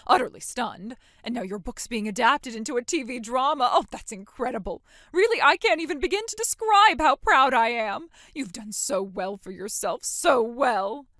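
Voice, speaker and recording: A woman's voice: high voice, fairly bright tone, no room sound, studio quality. A woman playing a scornful, manipulative mother. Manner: condescending, later gushing and pushy. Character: cold, scornful, manipulative middle-aged mother. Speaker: mother in a voiced story. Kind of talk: dramatic story voice acting.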